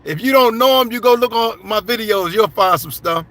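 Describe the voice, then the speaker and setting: This man's voice is high and fairly quick with a fairly bright tone. As a livestream commentator, he reads viewer comments out loud and bluntly answers, conversationally calling people y'all and man.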